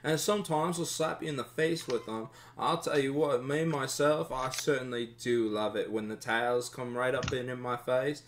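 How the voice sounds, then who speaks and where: A chatty town guard in a tabletop game, folksy and eager, rambling with plenty of fillers. A man puts him on, lifting his voice slightly above his everyday pitch. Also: normal speed, few pauses, slight background noise, close to an everyday voice.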